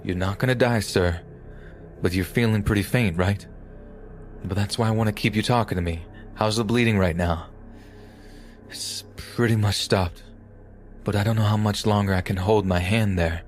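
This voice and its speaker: A man voicing a calm male emergency dispatcher who reassures an injured caller. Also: lowish voice, moderate pace, faint music behind, lightly acted. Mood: calm, reassuring. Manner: steady, reassuring, urgent.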